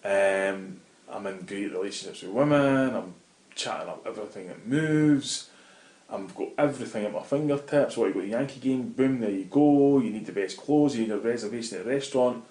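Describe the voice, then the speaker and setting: A middle-aged Scottish man, a guest in an interview, telling animated anecdotes in casual talk and swearing freely. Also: on the low side, fairly quick. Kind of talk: casual storytelling. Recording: roomy echo.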